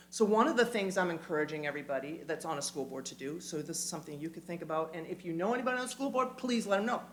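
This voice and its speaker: A woman giving an animated, emphatic community talk, with quick asides, in a church hall. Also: fairly low pitch, slight background noise. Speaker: speaker.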